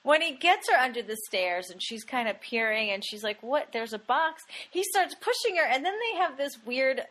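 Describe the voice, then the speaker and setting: A woman co-hosting a podcast, recapping a horror film in an animated, casual way. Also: high-pitched, a little fast. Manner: animated, acts out characters' lines. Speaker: podcast co-host. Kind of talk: casual movie recap chat.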